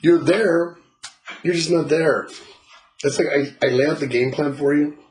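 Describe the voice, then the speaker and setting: A man with a slightly high voice speaks a little slowly while giving a client a casual spiritual reading. He's blunt and swears freely, often laughing and acting out people's words, and the recording quality is low.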